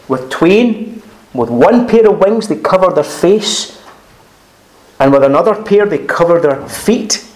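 A man preaching an expository sermon, earnest and emphatic, pausing often, repeating phrases and quoting scripture. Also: high-pitched. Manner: frequent pauses and restarts, clears throat.

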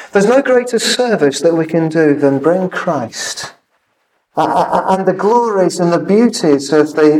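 A man preaching a sermon in an earnest way, often halting with repeated fillers. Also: a little high, dark tone, recorded from a distance, rough recording.

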